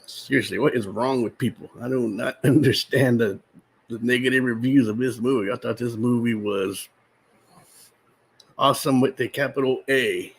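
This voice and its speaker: Rambling man with a gravelly voice. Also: mid-range voice, fairly even intonation, normal speed, low-quality recording. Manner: rambling, restarts often, talks while eating popcorn; exasperated, incredulous. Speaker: movie reviewer. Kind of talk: casual unscripted movie review vlog.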